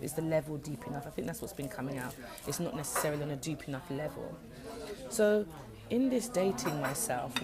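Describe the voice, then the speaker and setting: A woman chatting casually to camera while eating breakfast in a café. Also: deep voice. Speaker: vlogger. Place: busy café. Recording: phone in a noisy café. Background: café crowd chatter.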